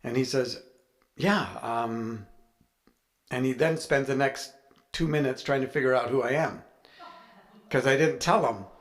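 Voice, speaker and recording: A man's voice: mid-range voice, measured pace, long pauses. A man, an author, telling a chatty, anecdotal story with playful humor to a live audience. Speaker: author speaking at a writers' event.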